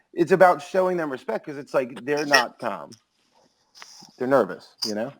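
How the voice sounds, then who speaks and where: A man in casual podcast chat, rambling and animated, peppering his stories with filler words. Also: mid-range voice, normal speed, low-quality recording. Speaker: podcast co-host.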